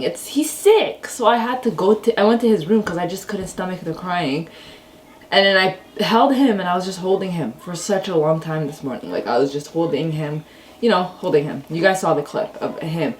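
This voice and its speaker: A woman's voice: fairly low pitch, a little mellow, slight background noise. A tired young mother chatting frankly to camera at home in a rambling vlog. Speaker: vlogger, stay-at-home mom. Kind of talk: casual vlog talk to camera.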